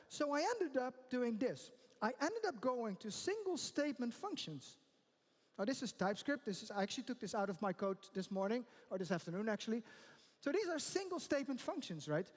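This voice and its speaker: A middle-aged man giving a conference talk, emphatic, often checking in with "right?". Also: high voice. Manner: tags sentences with "right?", animated and emphatic. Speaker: conference speaker. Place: large conference hall. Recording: long hall reverb.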